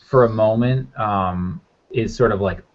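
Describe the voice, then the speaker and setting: Low-voiced man running a tabletop game. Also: a little slow. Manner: loose, filler-heavy narration. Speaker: game master. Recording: muffled lo-fi audio.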